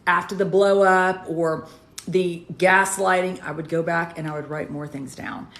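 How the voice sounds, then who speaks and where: A woman's voice: on the low side, steady tone, measured pace, echoey room. A woman co-hosting a casual livestream chat, speaking earnestly and emphatically. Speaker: co-host.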